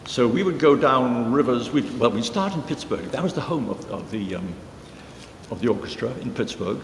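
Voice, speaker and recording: A man musician telling a rambling story in a casual way, pausing with fillers. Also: mid-range voice, lively intonation, slight background noise. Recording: reverberant hall with guitar music.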